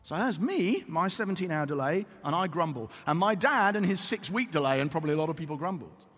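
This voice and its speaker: High-voiced preacher in a reverberant hall. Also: male voice, a little fast. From Britain. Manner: storytelling, animated asides. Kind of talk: sermon.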